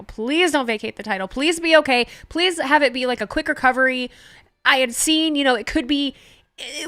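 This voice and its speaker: A woman's voice: sits high, pushed and bright, clear, resonant tone, no echo, clean studio sound. A woman streamer hosting a live watch party, anxious and chatty, swearing freely as she reacts.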